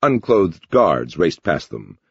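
A man narrating an audiobook with lively, expressive storytelling in a dull lo-fi recording. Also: low voice, slow, vocal fry, slightly rough, no room sound.

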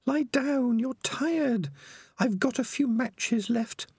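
A man doing a high, anxious young female rat. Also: slow, husky, no room sound, studio quality, heavily acted. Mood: pleading. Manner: soft pleading falsetto.

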